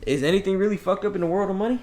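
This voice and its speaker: Low-key male co-host, faint room noise. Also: racing, a little mellow. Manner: low-key, short replies, shrugging. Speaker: podcast co-host. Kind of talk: casual chat.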